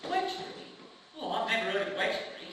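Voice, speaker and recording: An actor with a South London accent playing a joking, teasing army private on stage. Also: male voice, sits high, sing-song, fairly quick. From Bromley, London. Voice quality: cheeky, teasing. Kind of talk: amateur stage play. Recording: echoey hall, from far off, audience room noise.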